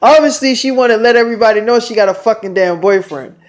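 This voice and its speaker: A man quoting a blunt, jealous young woman in his own slightly lower, softer voice. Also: fast, lightly acted. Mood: sassy. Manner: blunt, nagging.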